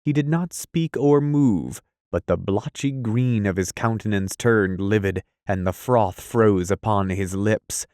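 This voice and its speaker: A man narrates an adventure audiobook in a steady, even first-person telling. His voice sits on the low side, and the recording is close and dry, with no room sound. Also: a little slow, few pauses, clear, resonant tone, dry recording. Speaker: audiobook reader. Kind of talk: scripted storybook narration.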